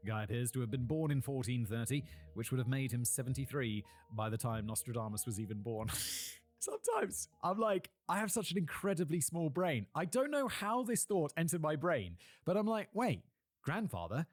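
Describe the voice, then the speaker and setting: A British man talks history in a loose, joking way and keeps drifting into playful tangents about himself. His voice sits at an ordinary middle pitch. Faint music plays softly underneath. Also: expressive, normal speed. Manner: playful, rambling jokey asides. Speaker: host. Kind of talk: casual history talk.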